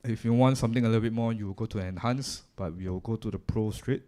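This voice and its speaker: A man's voice: lowish voice, quick pace, mellow. A man with a Singaporean English accent presents a live audio workshop, explaining gear in a casual, chatty way while chewing gum. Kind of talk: live technical demonstration. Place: live event room.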